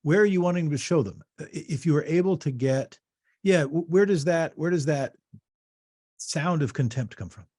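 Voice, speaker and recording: A man's voice: fairly high pitch, moderate pace, darkish tone. A man hosting a podcast interview, asking probing questions in a conversational way and often restarting his phrases. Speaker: podcast host.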